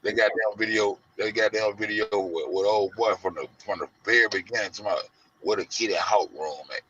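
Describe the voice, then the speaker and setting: A man's voice: on the low side, fairly even intonation, brisk, a bit bright, slight background noise. A man hosting a casual commentary show, rambling and profane, acting out the people he talks about. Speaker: show host. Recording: lo-fi dull audio.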